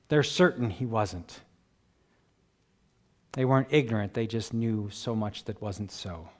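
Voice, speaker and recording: A man preaching a sermon as pastor, animated and conversational, chuckling between points and acting out quoted voices. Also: fairly low pitch. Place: church sanctuary. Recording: long church hall reverb.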